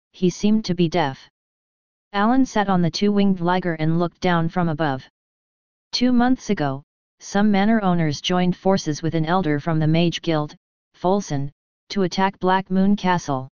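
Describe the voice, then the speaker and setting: Crisp low-voiced woman narrating. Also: moderate pace, darkish tone, no room sound. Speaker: audiobook narrator. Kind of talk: scripted narration.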